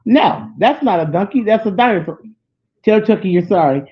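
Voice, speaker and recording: Lady doing a stern mama chewing out her kid, low firm voice, muffled lo-fi sound. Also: expressive, normal speed, lightly acted. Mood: scolding. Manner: firm, lowered scolding voice. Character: stern scolding mother of a young boy. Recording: dull lo-fi sound.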